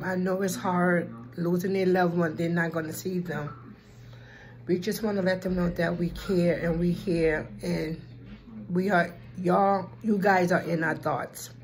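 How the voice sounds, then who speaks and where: A woman vlogger in casual chat, talking slowly and from the heart, with a Black way of speaking and frequent ums. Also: on the low side, rough recording. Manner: slow and heartfelt, with filler ums.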